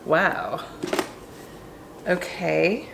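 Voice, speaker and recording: A woman's voice: on the low side, very animated, very slow, creaky, noisy background. A woman handbag vlogger doing an unboxing vlog, gushing and effusive, with lots of ums. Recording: roomy echo.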